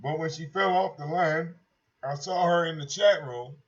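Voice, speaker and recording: A man hosts a casual livestream, talking in a brash, profane, mocking way and repeating himself. His voice is on the high side at a moderate pace, and the stream audio is dull and lo-fi.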